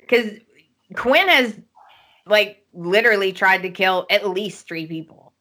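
In an unhurried, medium-pitched voice, a woman recaps a soap opera for her podcast in casual conversation. She brings the story to life by acting out the characters' lines.

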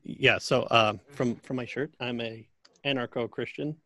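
A man in a casual conversation about church matters. He speaks in a halting, thoughtful way with frequent restarts. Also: medium pitch, steady tone, fairly bright tone, no echo, studio quality.

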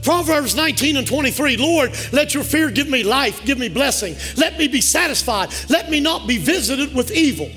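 A man with a very high voice preaches a fervent sermon, swelling into shouts as he calls for responses from the congregation. Soft music hums in the background of the church. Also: animated, moderate pace, hardly any pauses. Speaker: pastor. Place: church sanctuary.

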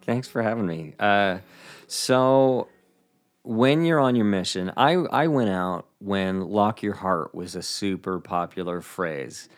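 A man, a comedian guest, telling a funny story in a podcast interview, animated and acting out voices. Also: on the low side, slow, soft background music. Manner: animated, acts out voices with bursts of laughter.

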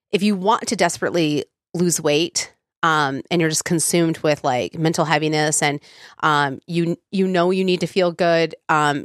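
Stuffed up from a cold, a female podcast host talks casually on her own, sprinkling in many "ums" and "you knows." Her lowish voice has a fairly bright tone, captured in studio quality with no echo.

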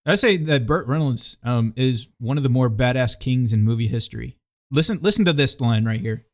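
Male co-host, mid pitch, jokey, laughs through his lines. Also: animated, brisk. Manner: jokey, laughs often while talking. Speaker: podcast co-host. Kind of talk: casual movie review chat.

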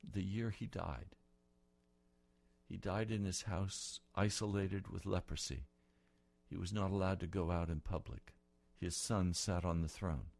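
A man preaching a sermon, retelling scripture dramatically and building to loud, passionate peaks. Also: deep voice, fairly even intonation, measured pace, gravelly.

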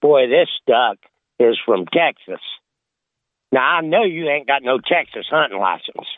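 A man's voice: mid-range voice, expressive, unhurried, no room sound, natural voice. A man voicing a bossy small-town game warden, drawling and condescending, over a tinny phone line. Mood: smug.

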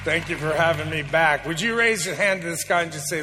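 A man's voice: a little high, fairly quick, few pauses. A man, preaching a sermon as a guest speaker in a large church, joking and emphatic. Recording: long church reverb, faint music.

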